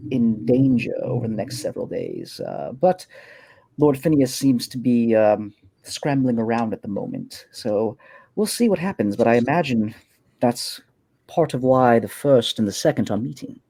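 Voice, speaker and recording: A man's voice: mid-range voice, animated, moderate pace, vocal fry, dark tone, husky, no room sound. A man voicing a gracious, composed woman who runs a bar and fondly calls people "my dear". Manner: addresses others fondly as "my dear".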